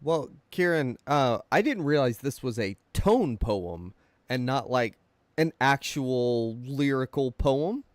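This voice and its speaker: A man's voice: medium pitch, expressive, takes it slowly, dry recording. A man co-hosting a casual film podcast, chipping in with wry, joking asides. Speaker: podcast co-host. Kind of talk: casual film review chat.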